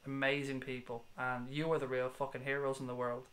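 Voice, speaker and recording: Scouse guy in his 30s on a fan live stream, blunt and sweary, mid pitch, reading out comments. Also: little pitch movement, a little fast, fairly bright tone. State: has a headache. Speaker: football fan channel host.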